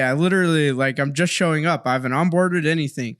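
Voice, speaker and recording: A man guest in a casual podcast chat, telling stories in a relaxed way and laughing easily. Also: on the high side, fast, smooth, no room sound, clean studio sound.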